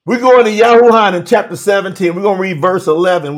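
A man preaching on a live stream, animated, calling out to viewers by name and reading scripture slowly for emphasis. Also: high-pitched. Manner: Southern-style 'y'all' address, drawn-out emphatic reading. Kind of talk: livestream sermon reading scripture.

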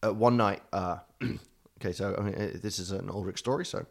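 A man with a low voice telling a story in casual chat, rambling, swearing freely and laughing often. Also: fairly even intonation, a little fast, gravelly. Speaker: podcast co-host telling a story.

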